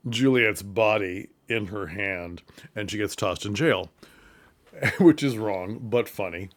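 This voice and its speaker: A theatre commentator casually recaps a comedy film's plot for theatre makers. His retelling is animated, with quick falsetto bits for the quoted characters, and he chuckles throughout.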